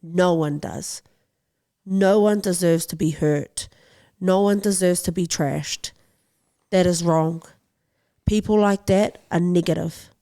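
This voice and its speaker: Woman, young adult, podcast interview guest, boxing champion, gravelly voice, impassioned and pleading. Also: on the low side, slow, pauses often, warm tone. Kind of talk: podcast interview, personal story.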